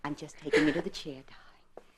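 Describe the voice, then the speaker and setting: An actress playing a tender, anxious young mother in a 1950s radio drama, soothing her child and dropping to soft whispers. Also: low-pitched, steady tone, brisk, a little hiss or hum, natural voice.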